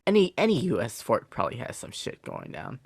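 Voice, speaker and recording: A man's voice: medium pitch, huge pitch swings, brisk, breathy edge, dry recording. A man co-hosts a podcast, working through a case in casual, hesitant talk full of fillers and restarts. The sound is dry and close, with no room around him. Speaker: podcast co-host. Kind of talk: casual chat, telling a case.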